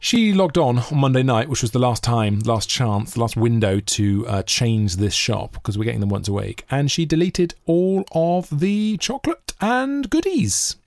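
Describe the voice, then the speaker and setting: A man's voice: medium pitch, expressive, a little slow, hardly any pauses, darkish tone, no echo, studio quality. A man co-hosting a podcast in casual chat, jokey and rambling. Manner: jokey, rambling, slips into silly voices. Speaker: podcast co-host.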